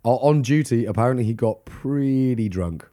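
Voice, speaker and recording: With a warm, mid-range voice at normal speed, a man co-hosts a casual true-crime podcast. His storytelling is jokey and full of swearing, punctuated by laughter and mock voices.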